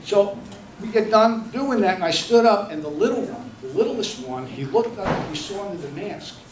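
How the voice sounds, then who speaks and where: A man's voice: high voice, lively intonation, moderate pace. A middle-aged man telling a personal story to an audience at an event, rambling with fillers and restarts. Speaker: charity founder giving a speech. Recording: echoey room from far off, with noise.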